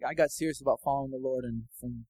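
A man giving a casual, personal sermon testimony that builds into fervent, loud preaching. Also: medium pitch, steady tone, fast, dry recording, low-quality recording.

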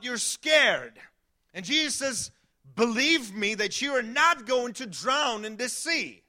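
A male pastor preaches with a very high, bright voice. He delivers his sermon in an animated way, acting out quotes and at times raising his voice to a shout. He often repeats words and restarts phrases as he goes.

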